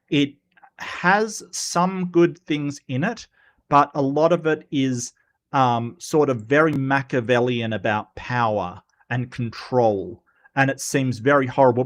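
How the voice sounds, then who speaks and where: A man's voice: mid-range voice, fairly bright tone. Rambling Australian man on a livestream. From Western Australia. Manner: rambling, many ums and restarts. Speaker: livestream host. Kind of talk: casual livestream chat reading comments.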